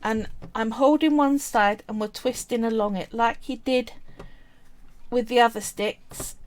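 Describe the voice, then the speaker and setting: Woman, slightly high voice, chatty live craft teacher walking through steps. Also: steady tone, measured pace. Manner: chatty, step-by-step instructing. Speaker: craft livestream host. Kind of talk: live craft tutorial with chat.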